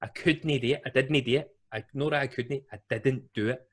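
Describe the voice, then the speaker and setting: A young Scottish man telling a long funny story on a podcast, rambling, animated and laughing often. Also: mid-range voice, fairly quick, breathy edge. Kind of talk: casual storytelling.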